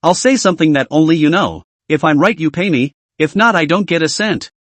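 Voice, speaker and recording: A man voicing a calm, confident young female fortune-teller, speaking lightly and matter-of-factly. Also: on the high side, dry recording, natural voice. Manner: light, unhurried, matter-of-fact.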